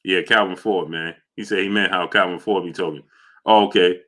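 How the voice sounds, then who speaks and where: A man hosting a casual boxing livestream from New York, reading super chats and shouting out viewers by name in loud bursts. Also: sits low, steady tone, a little fast.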